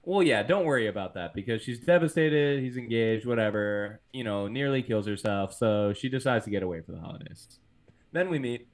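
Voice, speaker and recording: A man's voice: medium pitch, fairly quick. A man hosting a casual podcast, recapping a film plot and laughing often. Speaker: podcast host. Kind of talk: casual movie recap chat.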